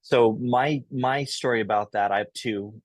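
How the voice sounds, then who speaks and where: A man hosts a business interview and talks in a relaxed, conversational way. His voice is a little husky. The recording is dry, with no room echo. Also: medium pitch, measured pace. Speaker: host.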